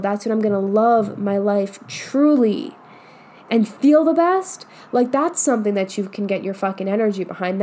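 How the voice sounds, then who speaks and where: A woman's voice: mid-range voice, dark tone. A young adult woman coach giving a casual, emphatic motivational monologue and swearing often. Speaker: manifestation coach.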